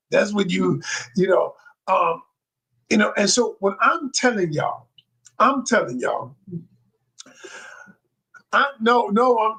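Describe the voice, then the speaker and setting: A high, husky male voice that swings widely as he coaches a live-stream audience. He drives his points home by repeating them and calling his viewers y'all, like a preacher. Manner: emphatic, repetitive, preacher-like delivery addressing viewers as y'all. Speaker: communication coach. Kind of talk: live-stream teaching talk. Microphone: live-stream microphone.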